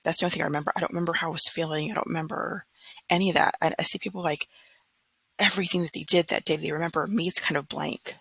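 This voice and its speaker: A woman's voice: low voice, steady tone, very fast, vocal fry, bright, forceful tone, slightly rough, dry recording, low-quality recording. A woman in her thirties from California, talking earnestly and frankly in a casual vlog monologue, often mimicking others in mocking quotes. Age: 30s. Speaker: vlogger.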